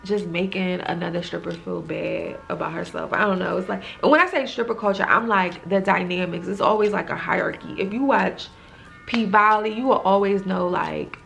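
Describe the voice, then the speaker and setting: A woman's voice: fairly low pitch, normal speed, creaky, fairly bright tone, soft background music. A woman casually recapping a TV episode, retelling scenes in a loose, chatty way full of "like" fillers. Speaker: TV recap reviewer.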